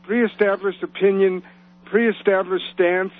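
A man's voice: high-pitched, fairly even intonation. Man on a tinny phone line. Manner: measured, defensive, hedging. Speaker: regular on-air guest commentator. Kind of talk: radio debate over the phone.

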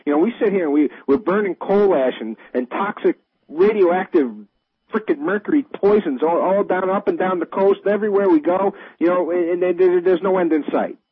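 A man's voice: high voice, moderate pace, breathy edge, no room sound. A man from Wisconsin hosting a casual political chat, ranting with many fillers. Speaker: host. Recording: tinny phone-like radio audio.

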